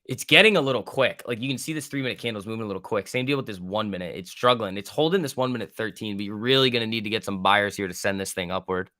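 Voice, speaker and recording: Man, casual live market commentary, forceful bright tone, dry close sound, loose offhand delivery. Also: on the low side, quick pace, hardly any pauses, no room sound. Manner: loose, thinking aloud, occasional swearing. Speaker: stock trading stream host.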